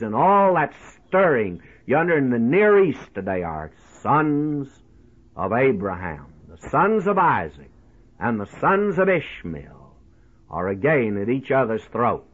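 A male preacher tells a story over the radio with a husky edge and a pitch that rises and falls freely. He speaks in a folksy, familiar way to his listeners. The sound is thin and tinny, like an old broadcast. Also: big pitch swings, unhurried. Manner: folksy, addresses listeners as "my friend". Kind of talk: storytelling sermon.

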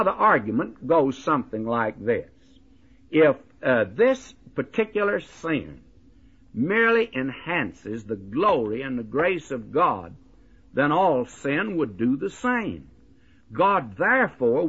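A man's voice: mid-range voice, a bit bright, breathy edge, highs cut off. Emphatic folksy male Bible teacher. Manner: emphatic, folksy, often asks "you see". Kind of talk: sermon-style Bible teaching.

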